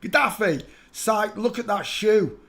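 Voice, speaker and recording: Excitable man mocking photos live. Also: unhurried. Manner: excitable, breaks into loud high laughter; mocking, talks to viewers by name. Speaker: livestream host. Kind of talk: casual running commentary on pictures.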